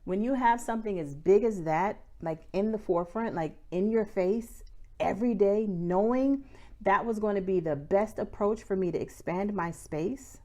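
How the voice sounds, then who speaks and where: Speaking at a normal speed in a warm, medium-pitched voice, a young woman vlogs casually about her small business. She's candid and chatty, peppering her talk with "y'all" and "like."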